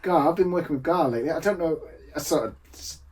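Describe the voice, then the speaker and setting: An English games designer chats casually on a podcast from a home room seen on camera, laughing often and restarting his sentences. His voice is a little high and somewhat mellow, he talks fast, and the mic is distant.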